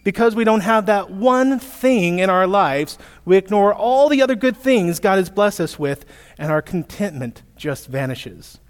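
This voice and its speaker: Pastor guy w a high voice, telling funny stories in his sermon, talking back to the crowd. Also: measured pace. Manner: storytelling with animated asides to listeners. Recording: echoey hall, long reverb.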